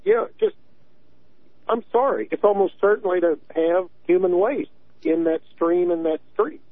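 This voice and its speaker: A Tennessee man in his early sixties calls in to a radio show, speaking earnestly and repeating words often as he presses his point. His voice is high and a little slow. It comes over a tinny, dry phone line with no room sound.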